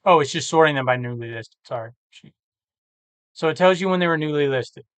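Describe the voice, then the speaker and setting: A tired man who talks casually and thinks out loud, rambling and correcting himself as he works through reseller listings. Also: a little high, fairly quick, clear, resonant tone, dry recording. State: tired, yawning. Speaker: eBay reseller vlogger. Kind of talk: casual screen-share commentary.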